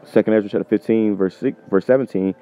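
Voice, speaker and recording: A man delivers an informal, emphatic sermon, swearing freely and punctuating his points with "man". His voice sits fairly low. The sound is thin and phone-like, with faint music underneath. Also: steady tone, quick pace. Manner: profane, emphatic, repeats "man". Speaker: preacher. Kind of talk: informal preaching with scripture reading.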